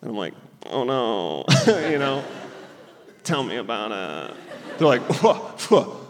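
A man's voice: mid-range voice, very animated, takes it slowly, big-room sound, very noisy. A man in his thirties from Southern California doing a stand-up set, laughing through his lines and acting out the people he quotes. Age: 30s. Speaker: stand-up comedian and guest. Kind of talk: stand-up set, then casual interview.

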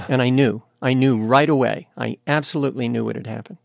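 Older American man with a gravelly voice. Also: mid-range voice, fairly even intonation, no room sound. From United States. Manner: candid, storytelling, measured. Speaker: guest. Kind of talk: interview conversation.

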